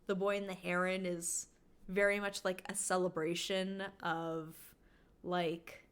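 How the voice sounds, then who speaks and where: A woman's voice: lowish voice, flat delivery, a little slow, a bit bright, clean tone. A woman from Canada chatting casually to her stream viewers, rambling with lots of filler words.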